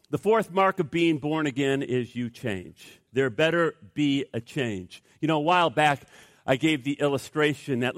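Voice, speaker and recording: A man's voice: a little high, dry recording, clean studio sound. A male pastor preaching a sermon, telling stories animatedly with stammering restarts.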